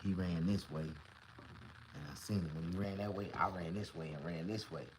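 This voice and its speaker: A man vlogging to camera, telling a comedic story in a profane, boastful, animated way. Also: sits low, moderate pace, a little hiss or hum, low-quality recording.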